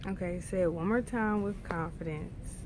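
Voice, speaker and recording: A woman's voice: lowish voice, normal speed, noisy background. A woman hosting a video, coaching guests to repeat affirmations and laughing often. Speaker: video host. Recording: crowd chatter behind.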